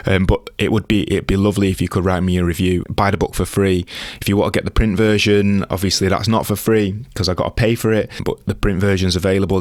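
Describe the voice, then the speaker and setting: Male podcast host, fairly low voice, self-deprecating and chatty, dry booth sound. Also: no room sound. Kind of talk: casual podcast monologue.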